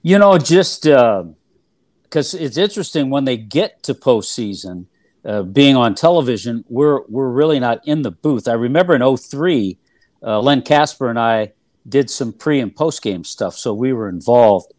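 A man's voice: mid-range voice, lively intonation, normal speed, a little mellow, dry recording. An older man looks back on his playing and broadcasting years in an easygoing interview. He circles around his points with fillers and restarts. His voice is close and dry. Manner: rambling, filler-heavy recollection with frequent restarts. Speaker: former player and TV analyst, guest. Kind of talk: relaxed interview storytelling.

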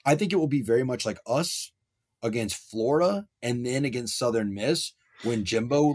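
Animated ranting man talking college football. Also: medium pitch. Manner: animated, hyperbolic, rapid rants. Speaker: sports podcast co-host. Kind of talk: casual sports betting chat.

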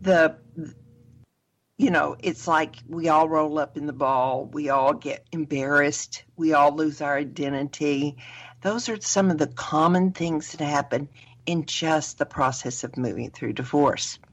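A woman with a low voice hosting a casual radio talk show. She introduces topics and backs up her guest with laughs and quick affirmations.

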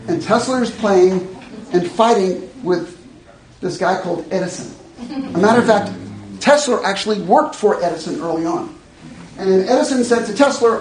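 A man's voice: high voice, slight background noise. A man teaching a live workshop, blunt and joking in a conversational way to an audience. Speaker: educator. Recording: echoey room.

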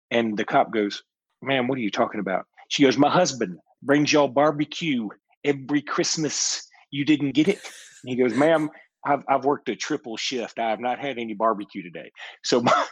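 A man's voice: mid-range voice, slightly rough, no room sound, dull audio. A man, co-hosting a casual sports talk show, telling rambling anecdotes and laughing often. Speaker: co-host.

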